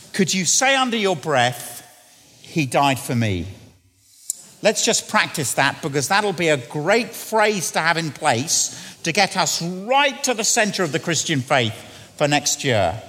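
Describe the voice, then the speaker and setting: A middle-aged man preaching a sermon, often questioning the congregation and sinking to quiet, hushed lines. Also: sits high, big pitch swings, a little slow. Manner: asks the congregation questions, drops to quiet near-whispers. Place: church. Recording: long church reverb.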